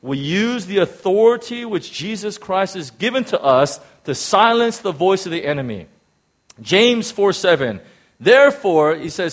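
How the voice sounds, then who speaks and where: A man preaches to his congregation, his voice sitting a little higher than most men's. He presses his points hard, stumbles into repeated words, then drops to a low, quiet tone before rising again. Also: sing-song, normal speed. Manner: emphatic, repeats words, swings between loud and quiet. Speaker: pastor. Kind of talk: sermon. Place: church in Hong Kong.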